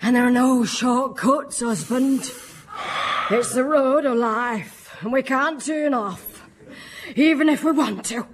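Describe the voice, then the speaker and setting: A woman voicing a stoic working-class wife in a radio sketch, speaking in a slow, solemn way. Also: high voice. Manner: slow, solemn, plodding delivery.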